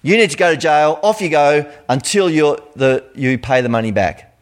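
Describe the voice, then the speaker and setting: A man's voice: fairly high pitch, normal speed, lightly acted. A man with an Australian accent voicing a weary woman judge who hands down a curt, dismissive sentence.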